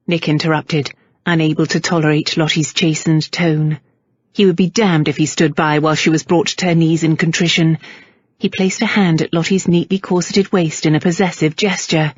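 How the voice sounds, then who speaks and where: Woman audiobook narrator, low-pitched, husky, measured read, dull dry recording. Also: little pitch movement, dry recording. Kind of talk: scripted narration.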